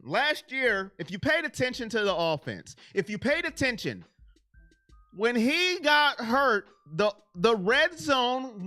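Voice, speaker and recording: A man with a high, bright voice hosts a casual sports livestream and talks excitably to his chat. He swings from loud bursts to low mumbles. The sound is dry and close, with faint music underneath. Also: no room sound. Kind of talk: casual live-chat commentary.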